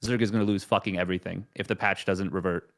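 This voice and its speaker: A man's voice: sits low, steady tone, fast talker, fairly bright tone. Man ranting heatedly, swearing freely. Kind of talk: casual esports chat.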